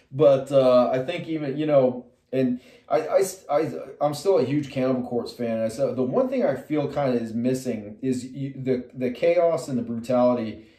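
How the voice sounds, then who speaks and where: At a normal speed, a middle-aged artist and metal musician loosely narrates a long story about himself to camera, full of fillers and restarted sentences, his voice spiking high and loud as he quotes himself. The sound is roomy, picked up from a mic set some distance away.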